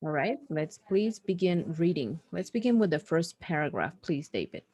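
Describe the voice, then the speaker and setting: A woman's voice: deep voice, sing-song, normal speed, dark tone, a little hiss or hum. A woman teaching an online one-on-one English lesson, patiently and politely guiding her student through a reading and correcting his grammar.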